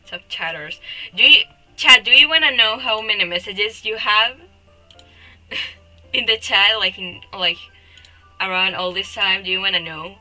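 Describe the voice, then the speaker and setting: A woman's voice: mid-range voice, unhurried, long pauses, sharp tone, faint music behind, low-quality recording. A young woman streaming live, chatting with her viewers, often giggling, teasing and swearing at her chat.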